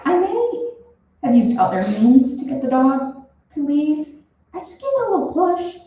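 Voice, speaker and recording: A woman's voice: high-pitched, big pitch swings, moderate pace, warm tone, voice pushed up. A woman voicing a flustered, evasive young male barista who stumbles over his words. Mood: sheepish. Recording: roomy, from a distance.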